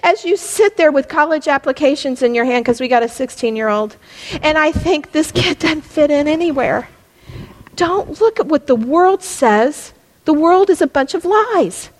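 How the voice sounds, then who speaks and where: A middle-aged woman with a high voice teaches a Bible lesson with fervent urgency, her voice climbing toward a yell at its peaks. The sound hangs in a long reverberant church hall. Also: animated, moderate pace. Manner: impassioned, rising to near-yelling at peaks.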